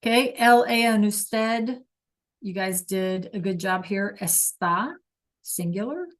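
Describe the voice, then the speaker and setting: A woman teaching a class over a video call, explaining slowly and patiently and checking in with "okay?" all the time. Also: medium pitch. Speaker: Spanish teacher.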